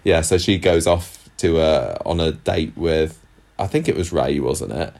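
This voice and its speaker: Man, very deep voice, casual podcast chat, chatty, lots of restarts. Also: lively intonation, unhurried, creaky, a little mellow. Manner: chatty, many restarts and fillers. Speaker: podcast co-host.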